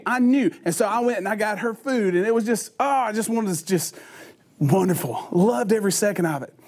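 Brief: male preacher, sermon with homespun stories, high-pitched voice. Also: darkish tone. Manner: folksy storytelling, conversational.

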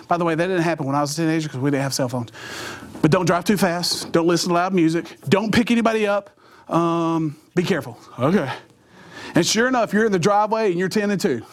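Middle-aged guy, high voice, telling funny stories to a crowd, acts out voices and noises. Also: fairly quick, slight background noise. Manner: animated, acts out voices and sound effects. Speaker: motivational speaker. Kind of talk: comic storytelling talk to an audience.

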